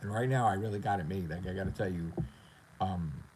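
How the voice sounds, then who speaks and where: A man's voice: low voice, a little fast, a little mellow, slight background noise, low-quality recording. A man talking casually on his gaming livestream in a profane, boastful, rambling way. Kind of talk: casual live-stream rant.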